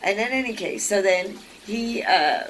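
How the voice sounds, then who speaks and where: A woman's voice: mid-range voice, unhurried, a little hiss or hum, poor audio. Rambling woman telling a personal story. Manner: rambling, many fillers and restarts; lively, acts out quoted people. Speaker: vlogger.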